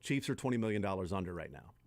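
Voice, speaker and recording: A man's voice: low-pitched, lively intonation, racing, darkish tone, no echo. A man hosting a casual sports talk radio show, rambling with restarts and trailing asides into a studio microphone.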